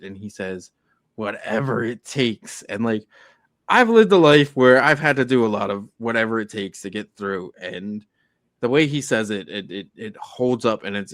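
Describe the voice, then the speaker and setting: This podcast co-host has a fairly low, fairly bright voice and an animated delivery at a moderate pace. He tells heartfelt stories in a casual show and acts out the lines he quotes. The recording is dry, with clean studio sound.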